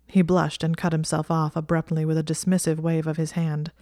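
Woman narrator, fiction reading, measured, mellow, dry recording. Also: low voice, flat delivery, no echo.

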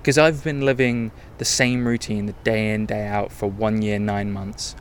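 A man's voice: on the low side, steady tone, moderate pace, slight background noise. A young man hosting a podcast, talking candidly in a rambling, self-correcting monologue. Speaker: podcast host. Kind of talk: casual travel podcast monologue.

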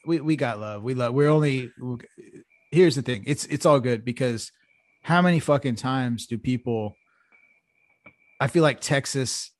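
A man's voice: mid-range voice, a little slow, no echo. A man co-hosting a podcast, rambling and swearing freely in casual banter over a remote call. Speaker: podcast co-host.

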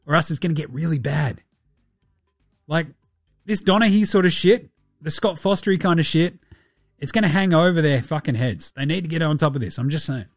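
A man hosts a basketball podcast in a fired-up, profane rant. His voice sits a little high for a man. The sound is dry and close, with no room around it. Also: a little fast, dry recording, soft background music. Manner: ranting, sweary, animated, puts on mock voices. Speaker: podcast host.

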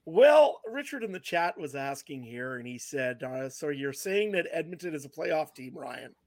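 A man's voice: a little high, very animated, normal speed, no room sound, studio quality. A man co-hosting a casual sports podcast, emphatic as he builds up his picks. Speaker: podcast co-host. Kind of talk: casual sports roundtable chat.

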